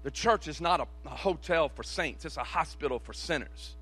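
Man preaching a sermon, slightly high voice, shouts then drops to quick hushed asides. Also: slightly rough, no echo. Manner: swings from shouted calls to hushed, rapid asides; preacher's repetitive, rhythmic cadence. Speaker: pastor. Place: church service.

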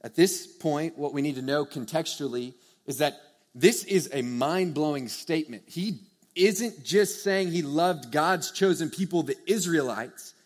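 A young man preaching a sermon to a live audience, earnest and conversational, swinging from hushed to loud emphasis. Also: fairly high pitch, expressive, a little slow. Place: church or meeting hall with a live audience.

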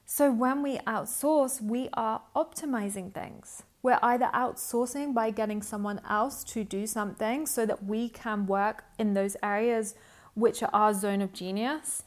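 A woman's voice: fairly high pitch, steady tone, measured pace. A young adult woman hosting a solo podcast as a business coach, talking in a chatty, upbeat way and acting out inner thoughts. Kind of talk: casual solo podcast monologue.

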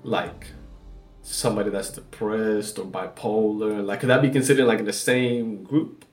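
A man's voice: fairly low pitch, fairly even intonation, normal speed, faint music behind. A man hosting a solo podcast and rambling casually, with lots of swearing and "like" fillers. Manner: loose and profane, with many "like" fillers. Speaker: podcast host.

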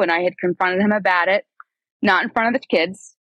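A woman's voice: on the low side, steady tone, normal speed, dry recording, poor audio. A woman in her thirties, a podcast guest telling her own story in a conversational, rambling way with asides and self-corrections. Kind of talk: candid personal storytelling.

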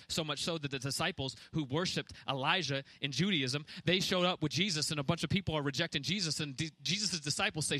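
A man preaching a sermon at a quick pace, firing off rhetorical questions with intensity. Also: fairly high pitch, pushed and bright, no room sound. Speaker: pastor.

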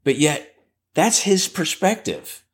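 A man's voice: a little high, very animated, slow pace. A man, an athletic trainer and guest on a podcast, telling stories with frequent stammering restarts. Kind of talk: casual interview storytelling.

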